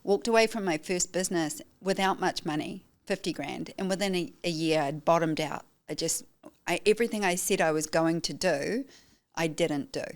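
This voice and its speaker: A middle-aged woman talks as a podcast guest. Her voice sits a little low for a woman. She tells her story with emphatic, animated conviction and acts out the questions she asked people. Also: moderate pace. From New Zealand. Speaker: guest, photographer and educator. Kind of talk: podcast interview.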